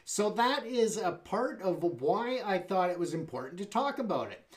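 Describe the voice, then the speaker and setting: A man's voice: sits high, lively intonation, normal speed. A man hosting a talk show, talking in a loose, conversational way. He drops in fillers and asides to his audience, and the delivery feels unscripted. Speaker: show host. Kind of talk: casual talk show monologue.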